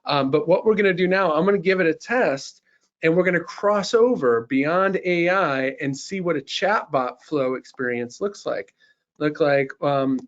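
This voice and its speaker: A man hosting a webinar and walking viewers through a sales demo, upbeat and full of casual fillers. His voice sits a little high, and the audio is slightly muffled, as from a screen recording. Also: unhurried. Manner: upbeat salesman, many fillers like you know. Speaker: webinar presenter. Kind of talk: live software sales demo.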